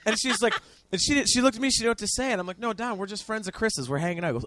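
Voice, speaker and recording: A man telling excited, profane, rambling stories in a casual podcast chat. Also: high-pitched, rapid-fire, dry recording. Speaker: podcast guest.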